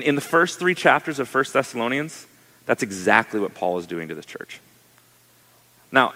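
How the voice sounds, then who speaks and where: A male pastor preaching a sermon in a conversational, animated way, asking his listeners questions. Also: fairly high pitch, long reverb tail.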